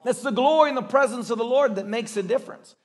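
A male pastor preaching a sermon, telling stories in an animated way and acting out the voices of the people in them. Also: very high voice, quick pace. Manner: animated storytelling with acted-out voices and laughter.

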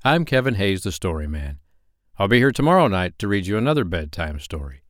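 Male bedtime-story reader, animated delivery, dry booth sound. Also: low-pitched, fairly quick, dry recording. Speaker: bedtime story podcast host.

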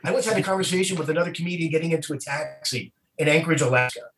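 New comedian guy, chatty storyteller, kinda high voice. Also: very fast, a little hiss or hum. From New York area. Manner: animated anecdotes. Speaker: comedian guest. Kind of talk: casual storytelling.

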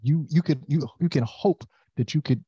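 A man's voice: fairly high pitch, normal speed, husky, dry recording, dull audio. A man in casual podcast chat, talking animatedly and acting out quotes, with many restarts.

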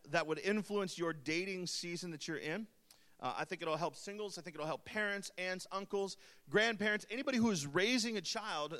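A man with a notably high voice delivers a sermon to a congregation gathered in a church hall. He talks straight to the crowd, mixing earnest teaching with playful teasing asides and quick jokes. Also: pushed and bright. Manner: playful, joking asides to the audience. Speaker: preacher.

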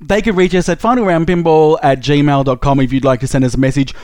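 A man's voice: a little high, fairly even intonation, fast, darkish tone, no room sound. A man co-hosting a casual podcast, with brief dry teasing remarks. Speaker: podcast co-host.

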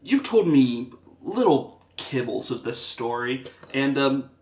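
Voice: medium pitch, slow. A podcast co-host bantering and teasing the others, with lots of jokes and laughter. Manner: joking, teasing, animated. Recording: echoey room with faint noise.

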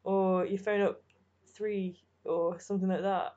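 A woman's voice: medium pitch, level tone, a little slow, mellow. A woman co-hosting a podcast from home, teasing and giggling through the banter. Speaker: podcast co-host. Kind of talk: casual comedic banter. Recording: dull lo-fi home recording.

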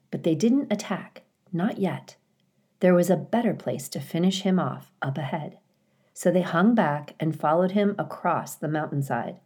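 Slow, low-voiced woman reading aloud. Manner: calm, clear storytelling with occasional dramatic emphasis. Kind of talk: reading a children's novel aloud.

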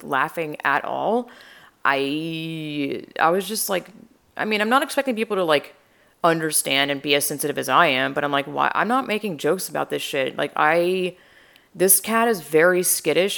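A woman's voice: low voice, creaky. A young adult woman telling a rambling, chatty personal story, acting out what people said. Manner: rambling, chatty, acts out quotes. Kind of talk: casual storytelling.

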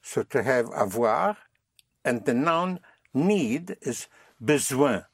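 A man's voice: medium pitch, expressive, slow pace, creaky, slightly rough, no echo. A man teaching a language lesson, patiently prompting and repeating phrases.

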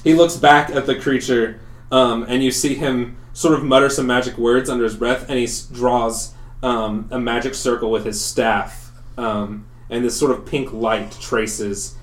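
A young man narrating as game master, in a halting way with many pauses and fillers. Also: mid-range voice, steady tone, roomy sound. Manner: halting, full of ums and likes.

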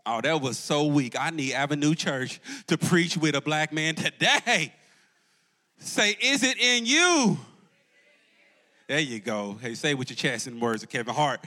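In a church auditorium, a campus pastor gives a live call-and-response sermon, his voice rising and falling as he calls out to the congregation. The voice sits high and has a sharp edge.

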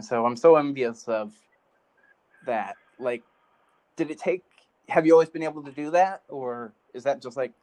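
A male podcast host chatting casually, rambling with constant fillers of "like". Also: mid-range voice. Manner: rambling, heavy use of "like".

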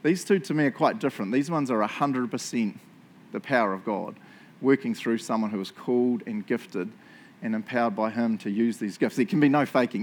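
A man's voice: mid-range voice, fairly quick, slight background noise. A middle-aged man with a New Zealand accent, preaching a sermon in a casual, self-mocking storytelling way. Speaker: pastor.

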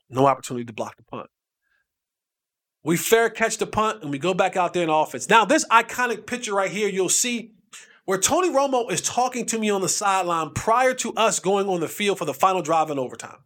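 A man hosting a podcast as a former football player, telling a story in an animated, emphatic way. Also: sits high, fairly quick. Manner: lively, emphatic, acts out quotes with repeated phrases.

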